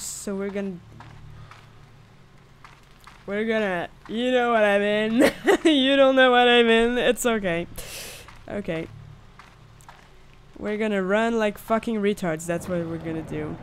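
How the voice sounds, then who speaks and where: A young woman commentating a horror game, swinging between shrieking panic and calm muttering and swearing a lot. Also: medium pitch, slight background noise. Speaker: gamer.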